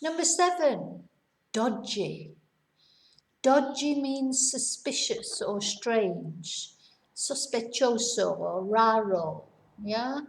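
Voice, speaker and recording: A woman teaching slang as a language teacher, speaking slowly and deliberately and repeating each example twice. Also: on the high side, lively intonation, vocal fry, echoey room. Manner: explains in simple words, mixes in Spanish. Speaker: English teacher. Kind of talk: language lesson.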